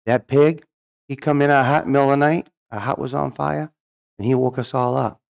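A man's voice: mid-range voice, steady tone, normal speed, gravelly, pitched above the performer's own voice, natural voice. A man voicing a proud old village chief who talks in broken English.

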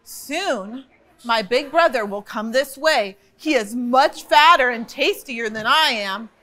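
A woman's voice: on the high side, takes it slowly, bright, forceful tone. A woman voicing the second billy goat, a small clever male goat pleading for his life. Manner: pleading, then sly.

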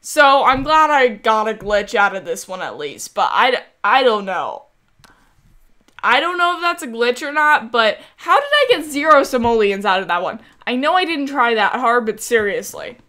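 A woman's voice: on the high side, sing-song, normal speed, pushed and bright. A young woman giving casual, chatty commentary over her gameplay, often exasperated and talking back to the game's characters. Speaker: gaming creator.

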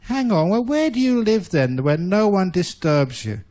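A man's voice: sits high, big pitch swings, a little slow, a little mellow, pitched above the performer's own voice. A man voicing a miserable, whiny spider. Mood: surprised. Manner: whiny and self-pitying. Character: miserable, starving, tearful male spider.

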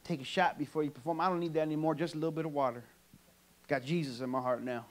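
A man from California performing an animated stand-up comedy set for a church audience. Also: on the high side, quick pace. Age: adult. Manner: animated storytelling punchlines. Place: church sanctuary, live audience.

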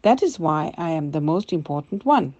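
Older woman as a chirpy busy sparrow; mellow storybook read. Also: sits low, lively intonation, moderate pace, dull audio. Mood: eager.

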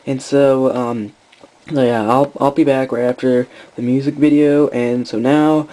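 A man hosting his own channel, chatting casually and excitedly, rambling with lots of fillers and restarts. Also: mid-range voice, a little slow, low-quality recording. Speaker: channel host. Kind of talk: casual vlog chat.

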